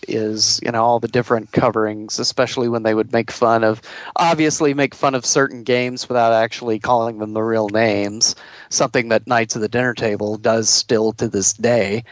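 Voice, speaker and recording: A man's voice: mid-range voice, normal speed. A man co-hosting a podcast, chatting casually about old gaming comics and laughing along. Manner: chatty, amused, trails off and restarts. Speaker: podcast co-host. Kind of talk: casual chat.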